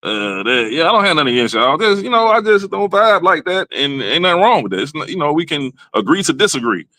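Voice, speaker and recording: A man hosts a comedy livestream, ranting loosely and cursing freely. His voice is bright and pitched a bit high, with wide swings in pitch. The sound is dry and close. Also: sing-song, quick pace, no echo. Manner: profane, loose, riffing rants with repeated fillers. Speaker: show host. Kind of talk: casual comedic livestream commentary.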